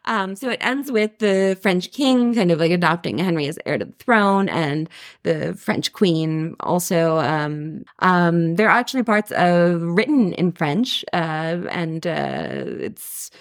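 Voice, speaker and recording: A woman's voice: fairly low pitch, animated, measured pace. A woman co-hosting a podcast in casual chat, talking loosely with many fillers and frequent laughs. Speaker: podcast co-host.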